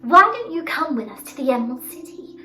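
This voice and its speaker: A woman's voice: sits high, very animated, a little fast, sharp tone, far from the mic, heavily acted. A woman voicing a kind, cheerful young farm girl who eagerly invites new friends along. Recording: roomy sound from off-mic, faint music.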